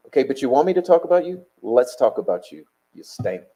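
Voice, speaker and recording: A man with a dark, mellow voice hosts a live stream in a casual way. He talks to his chat bluntly and combatively, with plenty of swearing. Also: mid-range voice, big pitch swings, fairly quick, few pauses, low-quality recording.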